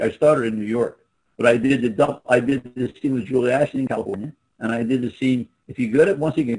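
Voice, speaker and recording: Husky old guy in his 70s rattling off stories fast on a video call, kinda rambly. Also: mid-range voice, a little mellow, low-quality recording. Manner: rambling, anecdote-heavy, trails off. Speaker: interview guest. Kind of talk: casual storytelling on a video call.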